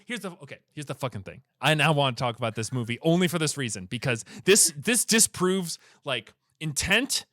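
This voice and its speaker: A young man recapping a film plot on a casual podcast, animated and irreverent, jumping into brief impressions of the characters. His voice is bright and forward. The sound is dry and close to the mic. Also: fairly high pitch, dry recording. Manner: animated storytelling, swearing, acting out characters in quick impressions. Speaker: podcast co-host. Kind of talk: casual comedic movie recap.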